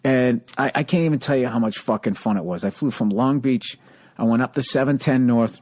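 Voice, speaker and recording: A man with a Boston accent talks in a loose, profane, animated way, hosting a podcast. His voice sits mid-pitched, and the sound is dry and close, with no room in it. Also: fairly quick, no room sound. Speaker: podcast host. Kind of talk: casual chat.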